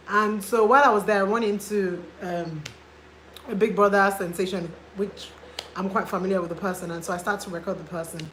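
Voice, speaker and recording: A woman vlogger from Nigeria chatting casually on a live video, animated and indignant as she tells a story. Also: on the low side, echoey room, slight background noise, rough recording. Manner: animated, gets loud and indignant retelling a confrontation.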